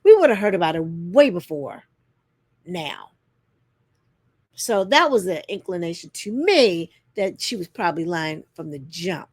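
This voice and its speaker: A woman's voice: big pitch swings, unhurried, darkish tone, slightly rough, dry recording. A woman hosting a casual reality TV recap, sassy and direct with viewers, acting out quotes in a put-on voice. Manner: sassy, talks straight to viewers, acts out quotes with pitch jumps.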